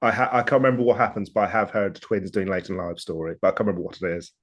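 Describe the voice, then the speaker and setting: A man co-hosting a podcast, chatting eagerly and chiming in with quick agreement. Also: lowish voice. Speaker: podcast co-host. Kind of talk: casual podcast chat.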